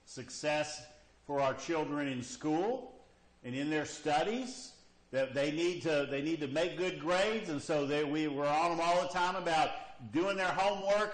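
Male preacher, lively pitch, questioning delivery, roomy echo. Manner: questioning, repeats "okay?" and "you see?". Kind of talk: sermon. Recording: echoey room.

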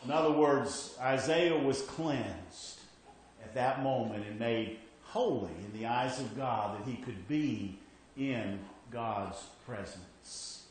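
A man preaching a sermon in a conversational way, often checking in with "okay?" and dropping quiet when he reads scripture aloud. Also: slow, very echoey, a little hiss or hum, rough recording. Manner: rises for emphasis, then drops low and quiet when reading scripture.

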